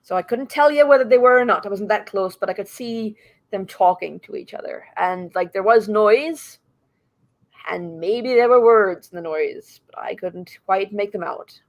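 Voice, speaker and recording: A woman's voice: medium pitch, moderate pace. A woman playing a tabletop role-playing game, telling an in-character story in a rambling, casual way and swearing freely.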